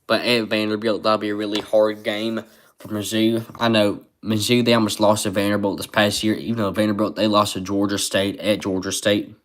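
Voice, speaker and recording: A man rambles through a casual sports live stream, stopping to read viewers' chat comments aloud. His voice sits low and stays fairly flat in pitch. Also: brisk. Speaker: sports livestreamer.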